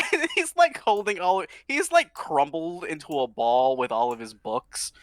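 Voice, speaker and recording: A man's voice: on the high side, measured pace, no room sound, clean studio sound. A man playing in a tabletop game, joking animatedly and laughing with the group. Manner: animated, jokey, laughs a lot. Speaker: player. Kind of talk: casual chat at a game table.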